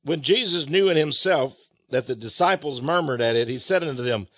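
A man's voice: mid-range voice, normal speed, no room sound. A male preacher giving a sermon, emphatic, with rhetorical questions and acted-out quotes.

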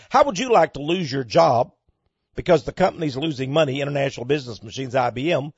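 A man giving emphatic, preaching-style commentary on the news, asking rhetorical questions and swinging between loud and soft. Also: mid-range voice, lively intonation, fast, breathy edge, no room sound. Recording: dull lo-fi dry recording.

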